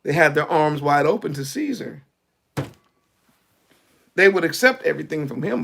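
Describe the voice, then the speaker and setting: High gravelly-voiced male preacher. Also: expressive, moderate pace, long pauses, fairly bright tone. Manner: conversational preaching, acts out quoted speech, drops his voice low for emphasis. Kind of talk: sermon.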